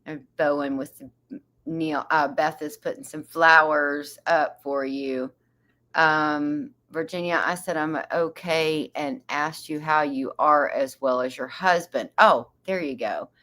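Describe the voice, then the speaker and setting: A woman's voice: sits low, fairly even intonation, slow, a bit bright. A woman hosting a casual livestream, reading viewer comments aloud, chatty and laughing often. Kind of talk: casual chat.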